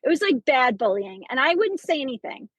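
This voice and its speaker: A woman's voice: high-pitched, big pitch swings, fairly quick, fairly bright tone, husky, dry recording, rough recording. A teacher in her forties sharing a personal story on a podcast, talking in rambling bursts with many restarts and fillers. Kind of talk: casual chat.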